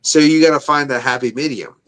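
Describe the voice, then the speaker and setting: A man's voice: mid-range voice, a little fast, a bit bright. A man co-hosting a podcast, telling rambling, profane stories in casual chat. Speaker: podcast co-host.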